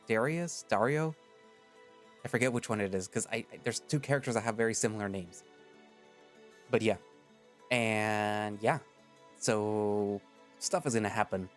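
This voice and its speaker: A man's voice: on the low side, steady tone, normal speed, pauses often, faint music behind. A man reading a story aloud in first-person narration. In his recaps between chapters he rambles loosely and fills gaps with fillers. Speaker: story reader.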